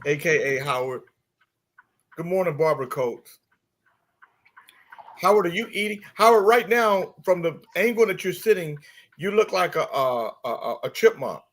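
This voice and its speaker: A man with a fairly high voice runs a loose morning show. He greets listeners one after another and quizzes his co-hosts. He talks in a lively, conversational way. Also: normal speed, long pauses. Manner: animated storyteller, shifts voice for quoted characters. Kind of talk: joke telling and casual chat.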